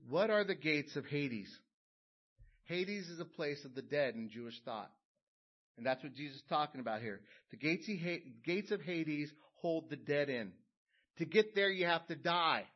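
Emphatic preacher, man, lo-fi sound. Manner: builds to loud emphatic peaks, then drops low and quiet. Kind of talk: sermon. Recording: dull lo-fi sound.

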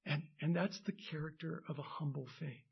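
A man preaching a sermon as pastor, pausing often with fillers and restarts, then building to emphatic peaks. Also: a little high, fairly even intonation, gravelly, breathy edge, lo-fi sound.

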